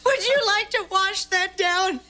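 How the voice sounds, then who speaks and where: A woman's voice: very high voice, measured pace, very noisy. An actress playing a dry, long-suffering sitcom mother, wry, soothing and sarcastic by turns. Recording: sitcom with loud studio audience laughter.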